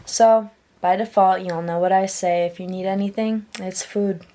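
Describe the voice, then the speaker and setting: A tired young woman chatting casually in a vlog, emotional and quick to laugh. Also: mid-range voice, steady tone, a little mellow. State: tired from no sleep. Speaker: vlogger.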